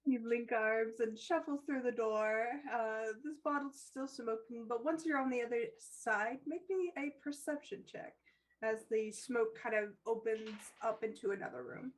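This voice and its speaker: A woman's voice: on the high side, normal speed, poor audio. A woman running a tabletop game as dungeon master, narrating scenes and laughing easily.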